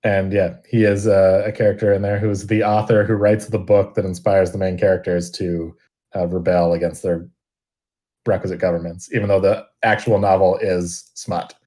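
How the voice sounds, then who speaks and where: A man chatting casually as game master after a tabletop game, relaxed and full of fillers. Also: deep voice, normal speed. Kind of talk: casual post-game chat.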